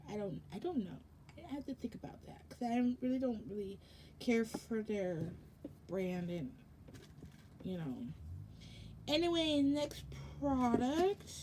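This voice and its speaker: A young woman talks slowly and sleepily as she unboxes products at home, stopping often for ums and corrections. Her voice sits a little high and sounds mellow. A faint hum of room noise runs under the recording. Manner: rambling, many ums and self-corrections. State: sleepy, yawning. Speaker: vlogger. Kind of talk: casual unboxing chat.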